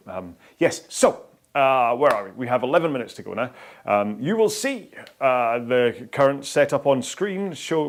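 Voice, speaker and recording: A man hosts a live rowing session from his indoor setup. His voice carries a gravelly, creaky edge at an ordinary middle pitch. He rambles casually, stumbling over fillers and restarting his sentences as he goes. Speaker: rowing workout host. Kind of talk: live-stream workout chat.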